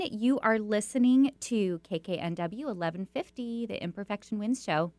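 A woman with a medium-pitched, lively voice hosts a conversational radio talk show at a moderate pace, with no echo. She tells stories warmly and chattily, full of fillers and restarts.

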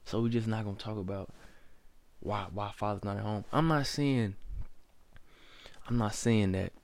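A man's voice: on the low side, normal speed, a little mellow. A man hosting a podcast, delivering a blunt, profanity-heavy opinion monologue that lectures the listener directly. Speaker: podcast host.

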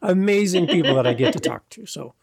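A man's voice: on the high side, expressive, brisk, creaky. A man hosting a podcast, chatting casually in a friendly, rambling way with self-deprecating humor. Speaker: podcast host.

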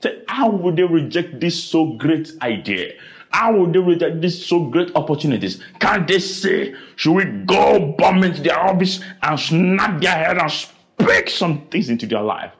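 A man preaching a sermon, dramatic, with sudden high cries and repeated questions. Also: very animated, a little slow, vocal fry.

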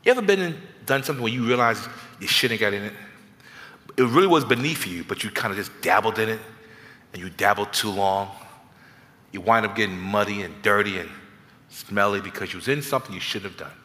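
A man preaching as a guest pastor, telling comic stories in an animated, self-mocking, conversational way. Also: lowish voice, a little fast, big-room sound. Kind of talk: sermon with comic storytelling. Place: church sanctuary.

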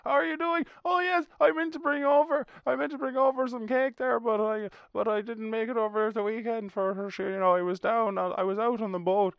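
A man voicing a chatty middle-aged country woman gossiping across the road, in a high, sing-song, gossipy voice. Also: steady tone, brisk, creaky, few pauses, clean tone, no room sound, highs cut off.

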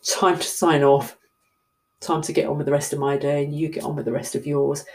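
A woman's voice: sits low, level tone, brisk. A middle-aged woman with a southern English accent, a coach chatting casually to her viewers in a rambling, self-deprecating way. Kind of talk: casual talk to camera.

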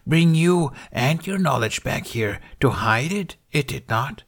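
A man with a voice on the high side pushes it up to play an ancient, small, wise male Jedi master in a fan fiction reading. He is expressive and sage, speaking at a measured pace with inverted word order.

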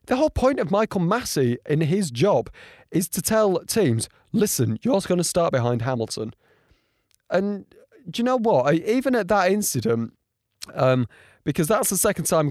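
A man giving casual reaction commentary on race highlights, rambling with frequent ums and getting indignant. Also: big pitch swings, normal speed, a little mellow, no room sound, clean studio sound. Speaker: motorsport commentator.

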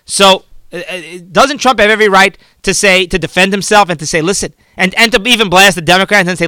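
A man's voice: sits high, fast, pushed and bright, clear, resonant tone, no echo. A man hosting a political talk show, giving fervent, rambling commentary and often repeating and restarting his words.

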